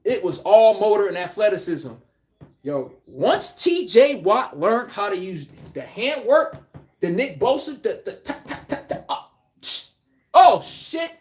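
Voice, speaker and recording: Animated, profane sports commentator. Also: medium pitch, a little slow. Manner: animated, profane, blunt trash talk; acts out quotes in mock voices.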